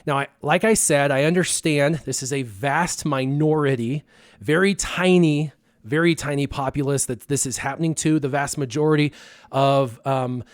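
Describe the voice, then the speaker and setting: A man's voice: on the high side, normal speed, dry recording. Dry-voiced man telling a story. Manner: animated storyteller, acts out his own past lines. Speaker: stream co-host. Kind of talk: casual storytelling on a stream.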